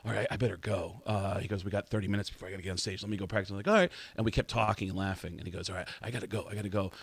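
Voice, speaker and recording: A man's voice: sits low, very fast, gravelly. A man on a radio show as a comedian guest, telling anecdotes in casual chat and acting out each line of dialogue. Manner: animated anecdote teller, acts out dialogue. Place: radio studio.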